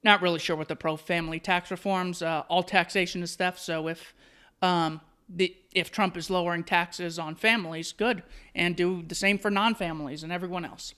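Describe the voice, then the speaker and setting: A man's voice: sits high, fairly even intonation, moderate pace, sharp tone, clear, resonant tone. A man hosting solo commentary, reading out an article and answering it with sarcastic, mocking asides. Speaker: commentary host.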